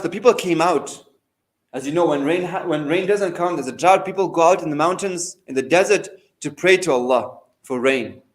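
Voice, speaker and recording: A man's voice: high-pitched, low-quality recording. A man, a shaykh giving a sermon, telling stories as his volume and pace rise and fall. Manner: storytelling, rising and falling in volume and pace. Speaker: shaykh giving a majlis lecture. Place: mosque hall.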